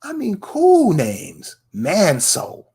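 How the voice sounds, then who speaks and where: A man with a gravelly, husky voice, pitched a little above the usual, lectures the viewer in a slow, deliberate rant. He talks confrontationally and keeps hammering rhetorical questions. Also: huge pitch swings, mellow. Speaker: online commentator. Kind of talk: ranting commentary to camera.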